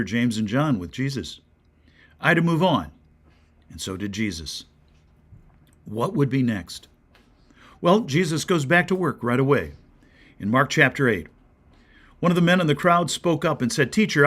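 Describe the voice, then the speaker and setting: American pastor guy preaching a short devotional, earnest, asks big questions, goes soft and whispery at times. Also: mid-range voice, sing-song, moderate pace, pauses often.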